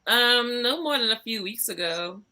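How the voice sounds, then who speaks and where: Lively, bright-voiced woman telling stories. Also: a little high, moderate pace. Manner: animated storytelling, swears freely, laughs often. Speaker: podcast guest, emcee. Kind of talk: casual chat.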